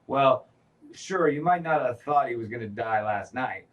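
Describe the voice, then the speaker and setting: A man's voice: medium pitch, animated, moderate pace, distant mic, dull audio. Rambling, profane man a bit off-mic. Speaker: podcast co-host. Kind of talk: casual chat.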